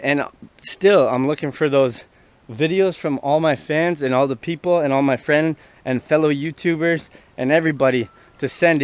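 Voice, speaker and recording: A man's voice: fairly high pitch, dry recording. Rambling man telling stories outdoors. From Hamilton, Ontario, Canada. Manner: rambling, filler-heavy, profane. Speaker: vlogger. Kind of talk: casual storytelling. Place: outdoors near the sea.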